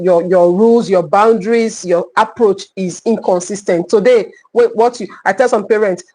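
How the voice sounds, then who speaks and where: A woman's voice: medium pitch, darkish tone, poor audio. A middle-aged woman with a Nigerian English accent, a clinical psychologist teaching a live online parenting class, emphatic and repeating her key points.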